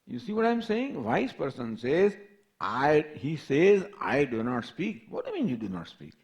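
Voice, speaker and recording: A man's voice: fairly high pitch, huge pitch swings, a little mellow. An older man, a spiritual teacher, giving a scripture class lecture, reciting verses and asking repeated questions. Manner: slow, repetitive questioning, reciting Sanskrit verses.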